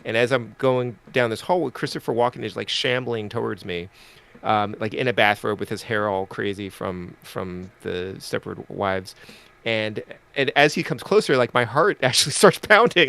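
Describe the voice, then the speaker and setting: A man with a gravelly yet smooth, resonant voice tells a story on a casual stream. He is animated and laughs at himself, and his voice rises as the tension builds. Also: mid-range voice. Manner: animated, self-deprecating storyteller. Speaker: co-host.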